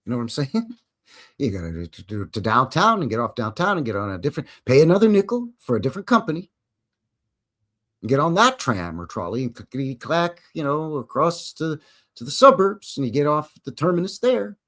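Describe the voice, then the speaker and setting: A man's voice: medium pitch, very animated, fairly quick, pushed and bright. A man hosting a live history stream, chatting casually with jokes and rambling asides. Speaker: host.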